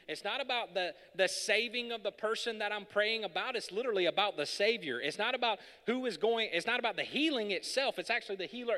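A man's voice: high-pitched, sharp tone. A male pastor preaching a sermon from a podium in a church hall, talking conversationally with jokes and building to emphatic peaks. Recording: long reverb of a large hall.

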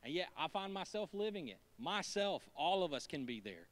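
A man preaching a sermon in a church, conversational and joking, going from hushed asides to emphatic lines. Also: fairly high pitch, sing-song, moderate pace. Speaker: pastor.

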